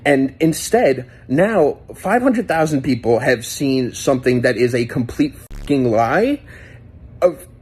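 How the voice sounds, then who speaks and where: Distressed man near tears, husky and halting. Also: medium pitch, lively intonation, a little mellow. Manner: halting and upset. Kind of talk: emotional vlog rant.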